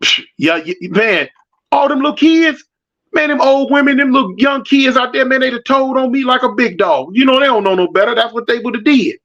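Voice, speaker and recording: High-voiced Los man, animated storyteller. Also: fairly quick. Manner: animated, slangy, acts out voices in his stories. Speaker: storyteller answering live chat. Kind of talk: casual street storytelling. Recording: dull lo-fi audio.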